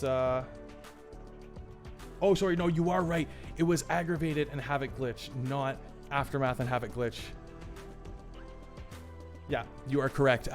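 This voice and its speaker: A man hosting a livestream, chatty and excitable, often repeating his phrases as he reads the chat. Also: medium pitch. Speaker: livestream host running a tournament draw. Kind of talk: live-stream commentary reading chat.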